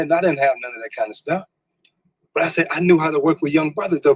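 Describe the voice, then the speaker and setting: Husky-voiced man telling his own story. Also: a little high, no room sound, rough recording. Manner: candid, repeats words when stirred, informal slang. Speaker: storyteller sharing a personal story. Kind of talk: spoken personal storytelling.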